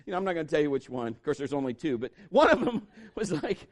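A man preaches to his congregation in a lively, joking way. His slightly high voice swoops up and down a lot. Now and then he jumps into loud, shouted impressions. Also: fast, hardly any pauses. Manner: animated, jokey storytelling with shouted impressions. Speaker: pastor. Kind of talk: sermon.

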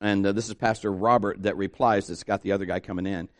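A man's voice: fairly low pitch, steady tone, quick pace. A man preaching a conversational sermon, telling homespun stories and asking his listeners rhetorical questions. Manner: folksy storytelling with rhetorical questions.

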